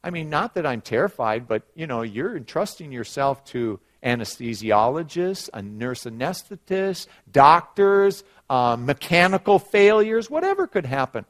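A middle-aged male pastor preaching with an animated delivery. His voice sits a little higher than most men's. He swings from loud, drawn-out scripture readings to hushed, confiding personal stories. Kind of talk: sermon.

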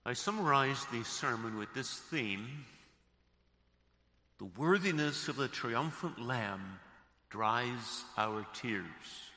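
A man preaching a sermon as pastor, slow and deliberate, dropping soft and then rising to emphasis. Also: medium pitch, lively intonation. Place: church sanctuary. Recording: echoey church hall.

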